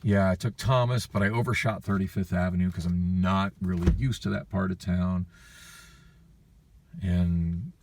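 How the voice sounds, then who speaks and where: A man's voice: low voice, fairly even intonation, moderate pace, vocal fry, slight background noise. A man telling a long, frustrated, profane story in a rambling personal vlog, recorded on a phone with the voice a bit far from the mic. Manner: frustrated, profane, weary venting. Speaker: vlogger.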